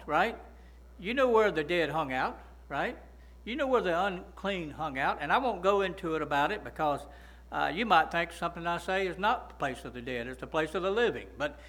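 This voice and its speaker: A man delivers a sermon, his voice pitched high with a bright, forceful edge. He leans on call-and-response, tossing "right?" and "amen?" to the congregation as he preaches. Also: poor audio. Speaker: pastor.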